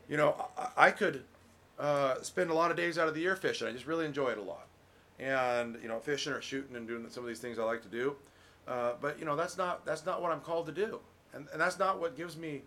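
A middle-aged man preaching a relaxed, conversational sermon as pastor, folksy, full of restarts and "you know.". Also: medium pitch.

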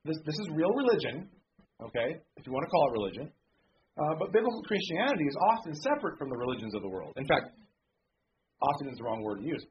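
A man preaching a sermon as pastor, talking conversationally with frequent "okay?" check-ins and reading scripture slowly and deliberately. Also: fairly high pitch, very animated. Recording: dull lo-fi sound with faint background noise.

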